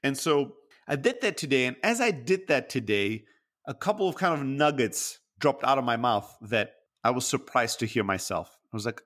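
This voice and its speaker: A man's voice: medium pitch, lively intonation, moderate pace, fairly bright tone. A man co-hosting a podcast, talking candidly and introspectively in casual chat, swearing freely. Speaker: podcast co-host.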